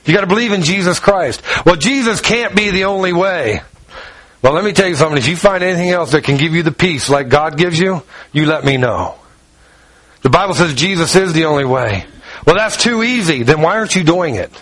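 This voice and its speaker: Male preacher, high-pitched, animated storyteller, acts out the scene mid-sermon. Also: quick pace, rough recording. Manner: walks around while preaching.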